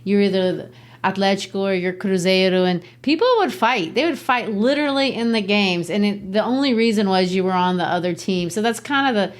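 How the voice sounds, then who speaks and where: A woman from Brazil, hosting a podcast and casually explaining a play, chatty and quick to laugh. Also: mid-range voice. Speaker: podcast host. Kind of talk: literature lesson, casual explaining.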